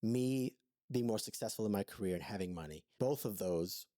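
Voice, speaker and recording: A man's voice: fairly low pitch, moderate pace, dark tone, no echo, studio quality. A man co-hosting a podcast, telling his story in an earnest, thoughtful way in an intimate conversation. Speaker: podcast co-host.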